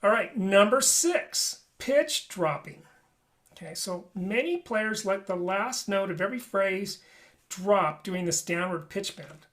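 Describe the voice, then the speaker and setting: A man's voice: high-pitched, lively intonation, slow pace, a bit bright. A man teaching a flute lesson in a webinar, talking conversationally and often checking in with "right?". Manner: demonstrates and explains playing habits.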